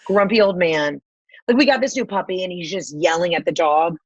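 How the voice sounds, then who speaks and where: A woman in her thirties from the American South, a podcast guest telling profane, animated stories in casual chat. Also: on the low side, brisk, breathy edge, no echo, highs cut off. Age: 30s.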